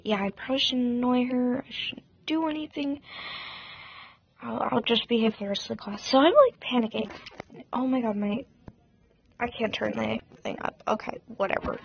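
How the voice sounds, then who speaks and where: A woman's voice: a little high, creaky, lo-fi sound, a little hiss or hum. A teenage girl rambling through a dramatic storytime vlog, full of fillers and acted-out quotes. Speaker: vlogger.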